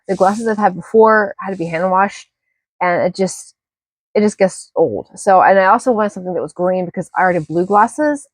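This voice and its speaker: A woman's voice: on the low side, dry recording. A woman casually rambling through a show-and-tell of her thrift finds at home, self-deprecating and restarting often. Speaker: thrift haul vlogger.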